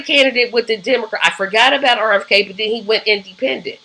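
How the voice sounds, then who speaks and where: Woman, fairly high voice, bright tone, casual political commentary, chatty and opinionated. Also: fast, a little hiss or hum, rough recording. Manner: conversational and opinionated, with frequent ums and rhetorical "right?". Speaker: host of a live political commentary show.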